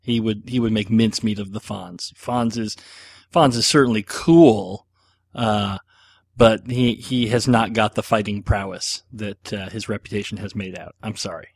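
A man's voice: on the low side, fairly even intonation, normal speed, gravelly, slightly rough, dry recording. A middle-aged man hosting a podcast, answering listener questions in a rambling, self-deprecating casual chat with plenty of fillers.

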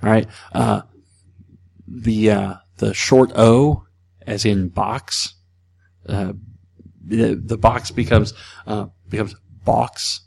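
A man's voice: on the low side, fairly even intonation, takes it slowly, gravelly, pauses often, darkish tone, slightly rough. A man hosting a solo podcast, chatting casually in a rambling way with frequent restarts. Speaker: podcast host.

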